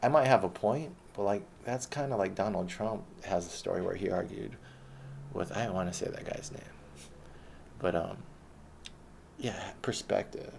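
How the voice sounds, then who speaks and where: A man's voice: low-pitched, steady tone, normal speed, vocal fry, long pauses, darkish tone, a little hiss or hum. A man telling a personal story in a blunt, rambling way, retelling conversations as he goes.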